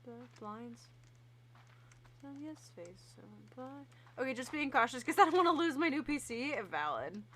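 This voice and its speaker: A woman's voice: sits high, lively intonation, normal speed, fairly bright tone, a little hiss or hum. A young woman chatting playfully with friends while streaming a game. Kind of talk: casual gaming stream chat.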